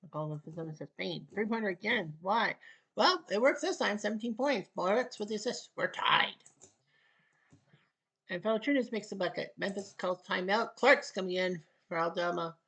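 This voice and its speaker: A woman's voice: mid-range voice, slightly rough. A woman from Canada calling a basketball video game in casual solo play-by-play, with clipped calls and wry asides. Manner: clipped, rapid calls, wry asides, rising excitement near the end. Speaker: play-by-play commentator.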